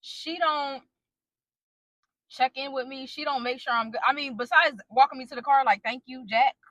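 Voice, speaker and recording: A woman's voice: high voice, moderate pace, sharp tone, dry recording. A young woman animatedly retelling a personal story to her viewers in a casual storytime vlog, with dramatic asides. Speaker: storytime vlogger.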